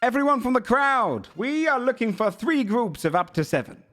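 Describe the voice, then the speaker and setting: A brash fantasy circus ringmaster, voiced by a man well above his usual pitch. He booms his announcements out to the crowd like a seasoned showman. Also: sing-song, moderate pace, full character voice. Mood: showy. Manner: loud, showy announcing.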